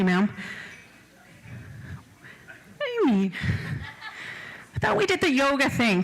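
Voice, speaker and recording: A woman running a live charity auction, rattling off bids fast and joking with the crowd. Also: high-pitched, big pitch swings, fairly bright tone, low-quality recording. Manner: rapid bid calling, joking with the crowd. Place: event hall.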